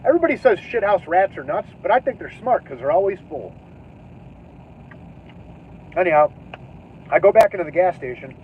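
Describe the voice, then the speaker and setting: A man with a fairly high voice tells a rambling, animated story, swearing and laughing as he acts out his own reactions. The sound is tinny and thin, like a phone call from inside a car. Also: a little fast, pauses often, slight background noise. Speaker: livestream host. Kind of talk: casual storytelling. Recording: tinny phone-like livestream audio.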